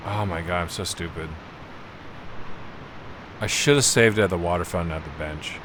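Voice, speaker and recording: A man's voice: low voice, normal speed, background noise. A man giving casual live commentary while playing a video game, chatty and self-deprecating, laughing often at his own mistakes. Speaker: game streamer.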